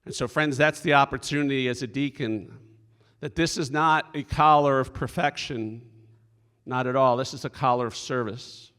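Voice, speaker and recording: A man's voice: medium pitch, normal speed, a bit bright, clear, resonant tone. A middle-aged man, a deacon, telling stories in a folksy, earnest sermon at a conference. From Philadelphia area. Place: conference hall stage. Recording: echoey hall.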